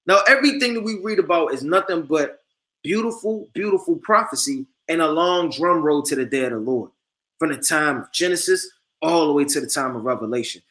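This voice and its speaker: Male street preacher, high bright voice, emphatic and repetitive. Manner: emphatic, repeats "man" and "you understand"; reads scripture slowly and forcefully. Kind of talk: street-style sermon.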